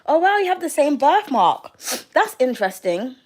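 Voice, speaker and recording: Giggly high-voiced young woman. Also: very animated, normal speed. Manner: giggly, swears freely, loud outbursts. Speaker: tarot reader hosting a live reading. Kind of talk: casual live chat reading comments.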